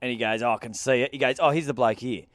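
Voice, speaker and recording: A man's voice: mid-range voice, fast talker, no room sound, studio quality. Laughing Australian man telling a story. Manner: animated storyteller, laughs often, acts out quotes. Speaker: podcast co-host. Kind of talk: casual chat, storytelling.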